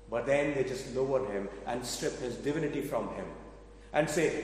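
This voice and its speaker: A man's voice: mid-range voice, a little fast, darkish tone. A man preaching a sermon, telling a story and asking his listeners questions in a conversational way. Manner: conversational, addresses audience with questions. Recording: echoey hall from afar.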